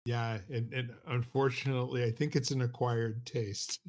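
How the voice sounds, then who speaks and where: A man's voice: medium pitch, little pitch movement, normal speed, darkish tone. A man co-hosting a conversational podcast, telling stories in a loose, rambling way with frequent restarts and asides. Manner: rambling, with many restarts and "you know" asides. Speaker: podcast co-host. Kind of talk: casual conversational storytelling.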